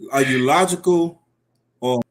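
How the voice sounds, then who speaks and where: A man's voice: medium pitch, unhurried. A man hosting a casual live stream, reading out viewer comments and laughing often. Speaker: livestream host.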